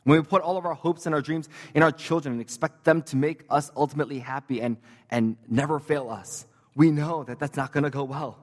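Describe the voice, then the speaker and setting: A man's voice: fairly high pitch, fairly quick, darkish tone, long reverb tail. A man preaching a sermon as pastor, conversational and joking, with casual fillers and asides.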